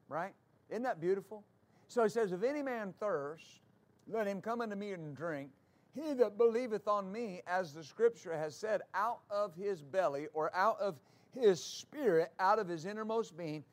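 A middle-aged male pastor preaching a sermon, moving from calm scripture teaching to loud, fervent exclamations. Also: high-pitched.

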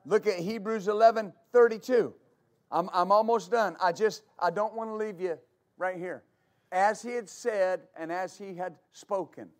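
A man's voice: high voice, moderate pace. A man preaching a sermon as pastor, fervent and repetitive, stammering on restarts and calling for answers from the congregation. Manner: call-and-response with congregation.

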